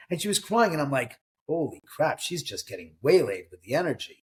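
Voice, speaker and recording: A middle-aged man, an author and homeowner, telling animated stories in an interview and acting out what people said. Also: mid-range voice, fairly quick, hardly any pauses, slightly rough. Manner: lively anecdotal storyteller, acts out dialogue.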